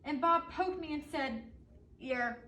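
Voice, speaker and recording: Lady reading a picture book to kids, high voice, slow, echoey room, mic pretty far off. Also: lively intonation, a bit bright, a little hiss or hum. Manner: asks the children questions between pages. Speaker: storybook reader. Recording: echoey room, distant mic, faint ambience.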